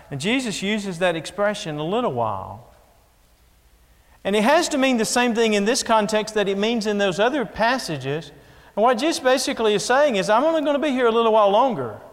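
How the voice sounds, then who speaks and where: A man's voice: sits high, fairly bright tone. A man preaching a sermon in an earnest way, repeating key phrases as he builds emphasis. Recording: long echo of a large hall.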